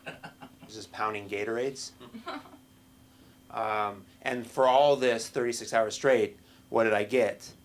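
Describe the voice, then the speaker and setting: A middle-aged man doing a stand-up set at an open mic in a small comedy club, with a halting, self-deprecating delivery full of restarts. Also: fairly low pitch, steady tone.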